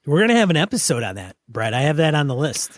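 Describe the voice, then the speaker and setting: A man co-hosts a gaming podcast, speaking fast in a slightly high voice with big swings in pitch. He talks bluntly and plainly while chatting and reading listener mail aloud, and the recording has no echo.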